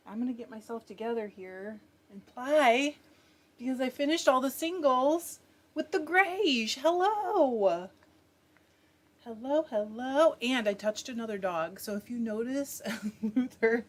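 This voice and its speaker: A woman hosting a live stream, chatting casually, greeting viewers by name and reading their comments aloud. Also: fairly high pitch. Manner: laughs often while talking. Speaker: livestream host spinning yarn.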